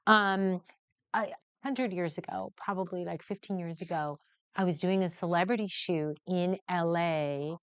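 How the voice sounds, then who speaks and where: Chatty middle-aged woman, smooth low voice. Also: dry recording. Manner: chatty, animated, acts out quoted people. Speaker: newborn photographer hosting a live session. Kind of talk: lively storytelling while demonstrating a shoot. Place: photo studio during a live stream. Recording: slightly dull, muffled audio.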